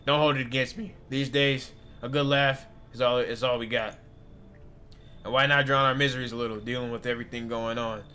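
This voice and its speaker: A man doing a loud tipsy joker. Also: medium pitch, steady tone, fairly quick, a little hiss or hum, lightly acted. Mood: brash. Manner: loud brash joking banter. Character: boisterous tipsy man visitor, joking and pushy.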